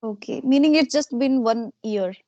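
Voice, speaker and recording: A middle-aged woman, interviewing in a casual way and softly repeating short acknowledgements. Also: a little high, moderate pace, dull audio, a little hiss or hum.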